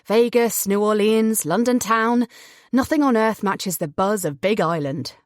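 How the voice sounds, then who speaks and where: A woman's voice: medium pitch, measured pace, no echo, clean studio sound, close to an everyday voice. A woman voicing a cheery, winking boat captain who talks in a hearty way, in an audiobook.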